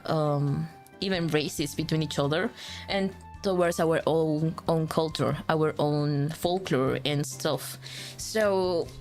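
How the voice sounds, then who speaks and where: A young woman, a native Spanish speaker with a Latin American Spanish accent, chatting casually on a stream, rambling with lots of fillers and restarts and joking about herself. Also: lowish voice. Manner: rambling, with many fillers and self-corrections; joking and self-deprecating. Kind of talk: casual chat.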